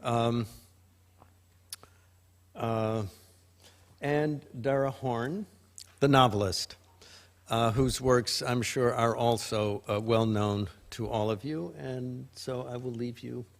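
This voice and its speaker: Slow-spoken man introducing speakers in a reverberant hall. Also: medium pitch, steady tone, gravelly. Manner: measured, halting, with fillers. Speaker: event host introducing speakers. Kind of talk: formal introduction.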